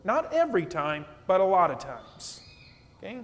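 High-voiced man preaching in a church. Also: moderate pace. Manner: animated preaching, acts out quotes, asks "okay?". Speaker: pastor. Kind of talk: sermon. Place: church sanctuary. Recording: long church reverb.

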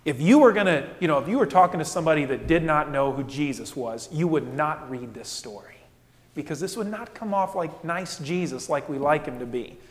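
A man preaching a sermon as pastor, animated, asking rhetorical questions and acting out the people in the story. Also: on the high side, a little fast, long reverb tail. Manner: animated, rhetorical questions, acts out quoted voices.

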